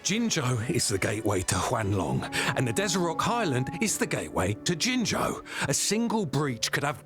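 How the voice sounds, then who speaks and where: An actor playing a stern military camp supply officer who speaks in a formal, commanding way, with game music behind him. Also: male voice, medium pitch, sing-song, moderate pace. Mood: grave.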